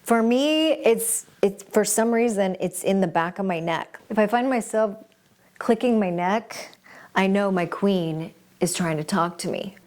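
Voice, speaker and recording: Slow, earnest woman self-help host. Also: mid-range voice. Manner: earnest, reflective, warmly encouraging; addresses the viewer directly with pauses and restarts. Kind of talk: motivational self-help talk.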